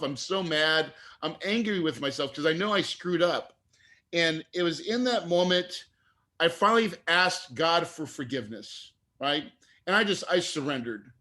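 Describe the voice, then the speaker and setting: A middle-aged man with a bright, forceful, somewhat high voice tells his story as an interview guest. He is earnest and animated and gets choked up at times. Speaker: guest investor.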